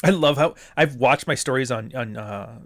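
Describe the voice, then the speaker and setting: Reading super chats on his casual livestream, a Pacific Northwest man speaks at a moderate pace in a medium-pitched voice. He strays onto tangents and swears freely, captured in studio quality with no echo.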